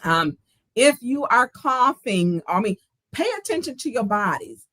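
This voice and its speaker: A woman's voice: fairly high pitch, big pitch swings, a little slow, a bit bright, no echo. Middle-aged woman, talk show host, earnest, emphatic, personal, livestream monologue.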